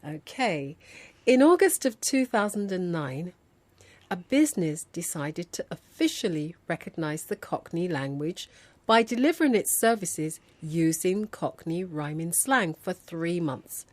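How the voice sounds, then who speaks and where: A woman from London hosting a scripted educational programme, speaking in a clear, measured way. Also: on the low side, big pitch swings, darkish tone, dry recording. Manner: clear, measured, quizzing her co-host. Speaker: host.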